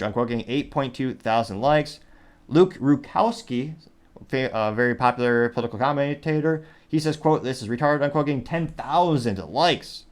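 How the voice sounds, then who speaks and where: A male host giving commentary on news and social media posts, reading comments aloud with dry asides. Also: medium pitch. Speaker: show host.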